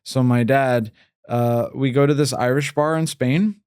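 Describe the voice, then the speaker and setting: A man's voice: mid-range voice, fairly even intonation, unhurried, darkish tone, clean tone, no echo, studio quality. A man in his thirties from the United States, hosting a podcast and telling stories in a rambling, casual way on a podcast mic. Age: 30s. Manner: rambling, many fillers and restarts. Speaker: podcast host. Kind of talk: casual chat.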